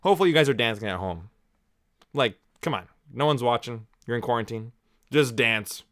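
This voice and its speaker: A man's voice: medium pitch, expressive, fairly quick, fairly bright tone. A Canadian man giving a casual, jokey watch-along commentary on a movie, reacting aloud as he goes. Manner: chatty and jokey, reacting aloud with laughs and asides. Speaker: movie reviewer.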